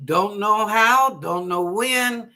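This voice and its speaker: Woman doing psychic readings on a live stream, bright clear voice, chatty, laughs a lot, blesses everybody. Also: mid-range voice, slow. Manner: chatty and warm-hearted, laughs easily, blesses callers; reads chat questions aloud then interprets them. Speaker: psychic reader and show host.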